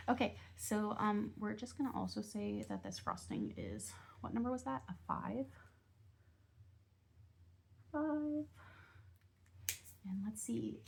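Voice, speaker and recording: A woman's voice: mid-range voice, vocal fry, noisy background. A woman vlogging at home about her budgeting game, chatting casually and giggling while she colors, often dropping into a half-whisper. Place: home on a busy street.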